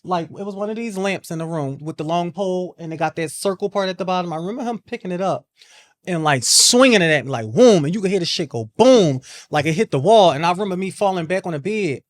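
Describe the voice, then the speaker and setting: A woman's voice: lowish voice, expressive, fast talker, no room sound, studio quality. A woman hosting a podcast, telling a personal story in a casual, repetitive way and often starting with "I remember.". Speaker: podcast host.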